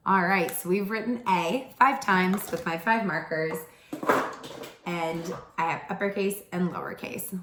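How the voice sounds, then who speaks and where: Slow, gentle woman teaching phonics. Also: lowish voice, echoey room, background noise. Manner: slow, gentle, sounds out letters with exaggerated repetition. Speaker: pre-K teacher. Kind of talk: slow early-childhood phonics lesson.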